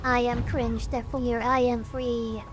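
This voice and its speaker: A woman's voice: fairly high pitch, flat delivery, a little slow, music in the background. A woman streaming a game as a vtuber, chatting in a goofy, self-mocking way and humming along. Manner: goofy and self-mocking, hums and sings along while playing. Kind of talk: casual gaming stream chat.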